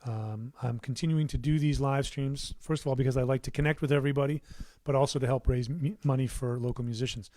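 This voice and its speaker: A man's voice: medium pitch, fairly even intonation, fast talker, hardly any pauses. A middle-aged man hosting a casual livestream from his recording studio, rambling between answers with plenty of fillers and restarts. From United States. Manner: rambling, warm asides, many fillers and restarts.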